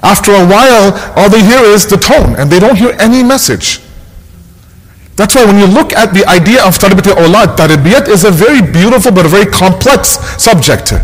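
A man preaching a sermon as an imam, earnest and emphatic, hammering his points home by repeating key phrases. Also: high-pitched. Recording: long hall reverb.

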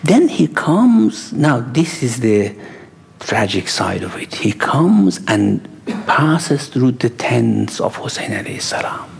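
Gravelly-voiced man giving a religious lecture. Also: medium pitch, animated, slow. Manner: dramatic, drops to a whisper then rises to exclamations. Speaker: speaker answering questions.

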